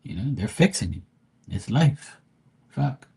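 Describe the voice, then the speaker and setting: A man's voice: lowish voice, big pitch swings, measured pace, gravelly, pauses often, warm tone, slightly rough. A man from Bermuda hosting a live tarot stream, ranting bluntly and profanely in casual chat.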